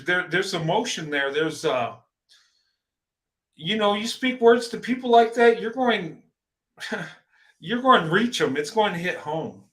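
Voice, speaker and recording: A man with a high, bright voice talks earnestly and encouragingly. He often stumbles and repeats words. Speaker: host. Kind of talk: casual conversation.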